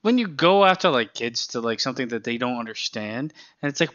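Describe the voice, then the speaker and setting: A man on a podcast, ranting in a casual way, swearing and breaking into laughs. His voice has a bright, sharp edge, though the recording sounds a little dull and muffled. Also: medium pitch, lively intonation, a little fast, hardly any pauses. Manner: profane, ranting, laughs often. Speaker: podcast co-host. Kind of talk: casual chat.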